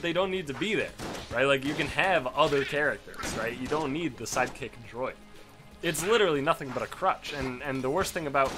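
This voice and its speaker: Ranting, swearing young man gamer. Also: medium pitch. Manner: ranting, profane, self-interrupting. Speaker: let's play host. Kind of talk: casual gaming commentary.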